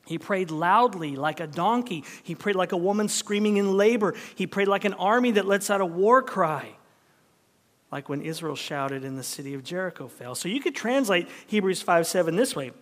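Pastor, male, higher voice, lively sermon delivery with sudden whispered asides; long hall reverb. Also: normal speed. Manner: animated preaching, dropping to a hushed whisper for emphasis.

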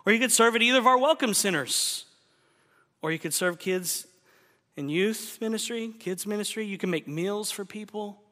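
Emphatic preacher with a bright, high voice. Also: male voice, long reverb tail. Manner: emphatic, swings from loud to hushed. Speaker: pastor. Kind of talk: sermon.

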